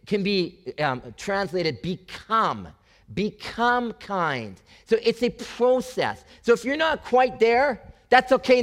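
A male pastor preaching a lively, conversational sermon to his congregation, often asking them questions. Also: sits high. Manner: animated, conversational, talks to the congregation with repeated questions.

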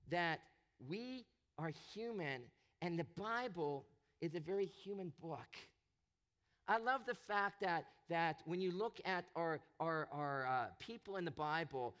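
A man preaching a sermon, animated and expressive, acting out the voices he quotes. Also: high voice. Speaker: pastor.

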